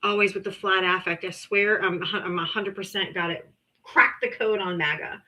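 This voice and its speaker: A woman's voice: medium pitch, steady tone, normal speed, bright, forceful tone. A woman hosting a live political debate stream, combative and mocking, talking over her guests. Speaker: livestream debate host. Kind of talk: heated political debate livestream.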